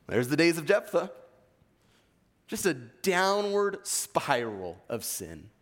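A man's voice: fairly high pitch, very animated, takes it slowly. A man with an East Coast American accent preaching a sermon, reading scripture and pressing his points earnestly. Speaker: pastor. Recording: long hall reverb.

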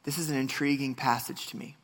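Bright-voiced male pastor preaching. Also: mid-range voice, steady tone, fairly quick. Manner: earnest, restarts often, rises to passionate emphasis. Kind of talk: sermon.

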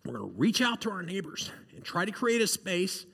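A man's voice: sits high, sing-song, brisk, vocal fry, a bit bright, breathy edge, long reverb tail. A male pastor giving a sermon, earnest and conversational, often checking in with the congregation.

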